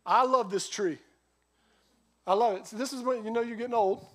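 A middle-aged man preaching a sermon as a pastor, telling stories with a lively voice that rises and drops sharply. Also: extremely high pitch, normal speed. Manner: lively storytelling, voice rising and dropping sharply.

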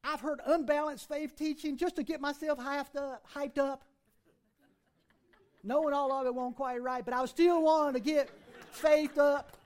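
A man's voice: very high-pitched, fairly even intonation, normal speed. A middle-aged man preaching a sermon as pastor, folksy and conversational, with plenty of rhetorical questions.

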